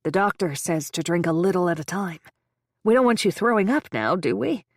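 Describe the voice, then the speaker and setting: A woman's voice: lowish voice, lively intonation, normal speed, no room sound, clean studio sound. A woman doing a patronizing, soothing husband. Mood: falsely soothing. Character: smooth-talking husband, controlling, falsely reassuring.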